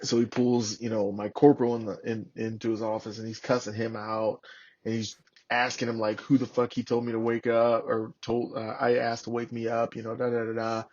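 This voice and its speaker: A man's voice: medium pitch, a little fast. A man in his thirties, a former Marine, telling war stories casually on a podcast, swearing freely and acting out the people he quotes. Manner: profane, animated, acts out shouted quotes. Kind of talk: casual storytelling. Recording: lo-fi podcast audio.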